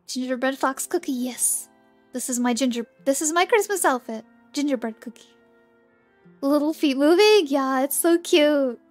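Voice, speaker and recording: A woman's voice: high voice, normal speed, faint music behind. A young woman streaming a game, chatting casually and bubbly with viewers, often giggling. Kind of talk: casual game livestream chat.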